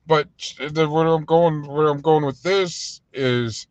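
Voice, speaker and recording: A man's voice: fairly high pitch, fairly even intonation, slow pace, no room sound, muffled recording. Rambling man on a dry close mic. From United States. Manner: rambling, loose and heated, heavy with fillers. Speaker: livestream host and restaurant owner. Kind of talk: casual livestream talk.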